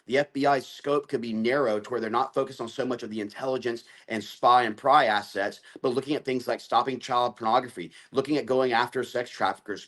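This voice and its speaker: A man speaking as a guest on a political talk show, listing his points in long assertive runs. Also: medium pitch.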